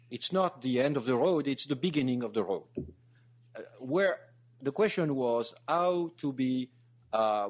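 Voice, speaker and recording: A man from France speaks English with a French accent at a mid-range pitch. He gives welcome remarks in a halting way, restarting phrases and filling gaps with uh and you know. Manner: halting, many restarts and fillers. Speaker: ambassador, guest speaker.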